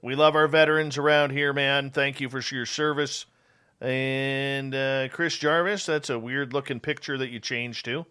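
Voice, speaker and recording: A man's voice: medium pitch, fairly even intonation, normal speed, bright, forceful tone, clean tone. A man hosting a talk radio show, breezy and jokey, greeting chat viewers.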